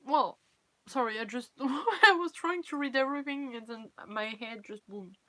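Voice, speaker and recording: A woman's voice: sits high, animated, moderate pace, fairly bright tone, dry recording. Woman, French accent, young adult, rambling casual chat, dry close sound. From France. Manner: rambling, chatty, candid. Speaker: cosplay livestreamer. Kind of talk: casual live-stream chat.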